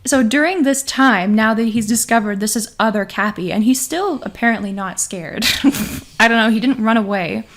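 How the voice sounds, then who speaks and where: Woman podcaster, kinda high voice, laughs a lot telling a creepy story. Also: normal speed, fairly bright tone. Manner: giggly, laughs often while retelling. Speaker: podcast co-host. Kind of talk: casual storytelling chat.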